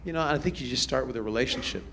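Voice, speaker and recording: A man, a pastor, answering audience questions in a relaxed, storytelling way, chuckling as he goes. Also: medium pitch, very fast, a little hiss or hum. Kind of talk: casual Q&A talk to a youth group. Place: church event hall with a live audience.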